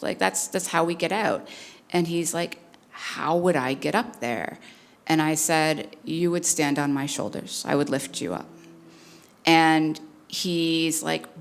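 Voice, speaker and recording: A woman's voice: low-pitched, normal speed. A woman speaker telling a personal story on stage in an earnest, conversational way with many fillers. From Canada. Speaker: keynote speaker.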